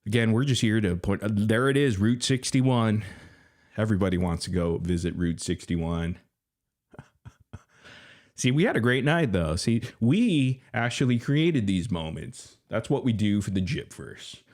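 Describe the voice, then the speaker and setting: Man, very low voice, live-stream host, mocking, boastful, laughs a lot. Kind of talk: casual live-stream commentary.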